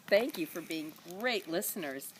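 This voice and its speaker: Give me a woman reading a kids' story aloud, slow and full of lilt. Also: a little hiss or hum. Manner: animated, with high voices for each animal. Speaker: children's storyteller. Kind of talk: read-aloud storybook narration.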